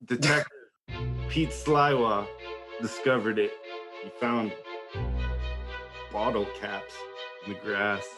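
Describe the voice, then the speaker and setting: A man's voice: on the low side, takes it slowly, pauses often, music in the background. A young man telling a wild story in casual chat, swearing, laughing and acting out what people said. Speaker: podcast host telling a story.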